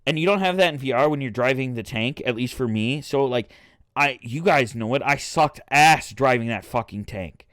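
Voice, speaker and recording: A man's voice: mid-range voice, animated, moderate pace, fairly bright tone, no echo, clean studio sound. A young man co-hosting a podcast, telling a rambling, swear-filled gaming story in casual chat with friends. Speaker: podcast co-host.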